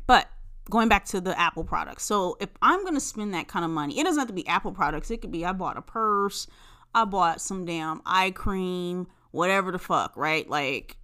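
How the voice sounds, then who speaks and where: A woman hosting a casual solo podcast, telling stories in a profane, animated way, jumping from loud outbursts to low muttering. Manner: profane, animated storytelling with big swings between loud bursts and low mutters. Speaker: podcast host.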